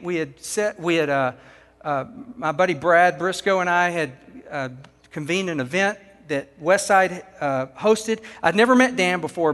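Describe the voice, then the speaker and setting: Emphatic Texan preacher in a big hall. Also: male voice, high voice, fairly bright tone. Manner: emphatic, rhetorical questions to the audience. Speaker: pastor. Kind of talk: sermon. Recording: long hall reverb.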